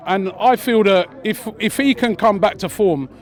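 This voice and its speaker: A young man chatting excitedly as a fan after a match, repeating himself with lots of fillers. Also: high-pitched, normal speed. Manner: animated, repeats phrases, many fillers. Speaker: interviewed fan. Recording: crowd noise outdoors.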